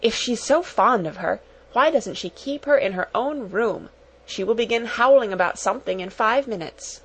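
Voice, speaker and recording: A woman's voice: fairly high pitch, lively intonation, moderate pace, breathy edge, rough recording. A woman reading aloud, voicing a spiteful, bossy schoolgirl who speaks with a sneer. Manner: sneering, scornful.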